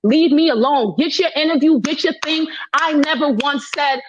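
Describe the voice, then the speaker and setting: A woman's voice: sits high, normal speed, background noise. A woman of Haitian heritage, probably in her thirties, talking heatedly in an audio chat room, emphatic and repeating herself as she defends her side. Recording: dry, slightly dull phone audio.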